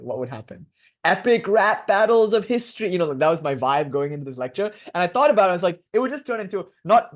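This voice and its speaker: A man in his twenties giving a casual, joking lecture on devotional philosophy to a class, lively and prone to laughing digressions. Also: a little high. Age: 20s.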